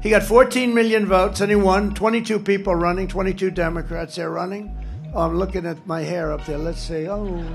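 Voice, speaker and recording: High-pitched man rambling at a rally. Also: fairly even intonation, moderate pace, soft background music. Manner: rambling, off-the-cuff, repeats phrases for emphasis. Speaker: political candidate speaking at a rally. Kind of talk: campaign rally speech. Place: rally venue on a stage.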